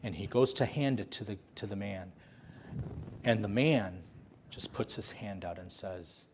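A man's voice: on the low side, a little slow, a little hiss or hum. Impassioned male preacher, repeating phrases. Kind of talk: sermon storytelling.

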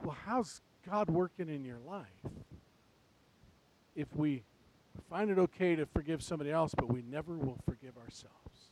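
A man preaching a sermon to a church congregation, swinging between quiet, reflective passages and loud, urgent ones. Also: on the high side, normal speed, a little hiss or hum, low-quality recording. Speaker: pastor. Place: church sanctuary.

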